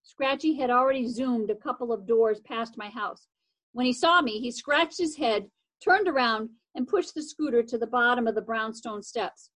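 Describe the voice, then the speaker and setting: A woman reads a children's chapter book aloud, relaxed and casual, now and then stumbling and restarting a word. Her voice sits high. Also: normal speed, poor audio. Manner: casual, with occasional slips and restarts. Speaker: reader.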